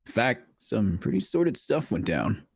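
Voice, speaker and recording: A man's voice: on the low side, very animated, moderate pace, vocal fry, slightly rough, no echo, full character voice. A man voicing a brash, slangy young male investigator who teases and spins stories in a breezy way. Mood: storytelling. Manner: breezy, teasing storyteller slang. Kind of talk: live voice-over of a video game.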